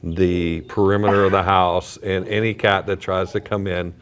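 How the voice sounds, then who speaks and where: A man's voice: deep voice, little pitch movement, normal speed, smooth. A man hosting a podcast on location at an animal shelter, chatting casually and often repeating his words as he goes. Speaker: podcast host. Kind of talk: casual interview.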